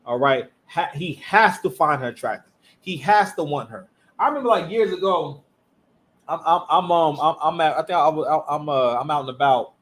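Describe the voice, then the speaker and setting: Man with a high voice, animated commentary, emphatic, slangy. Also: normal speed. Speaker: commentary channel host. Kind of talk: reaction commentary.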